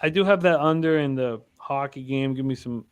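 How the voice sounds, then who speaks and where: A man's voice: mid-range voice, moderate pace, clean tone. A man hosting a live sports betting stream, telling a long rambling anecdote in casual chat with many fillers. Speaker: sports betting show host.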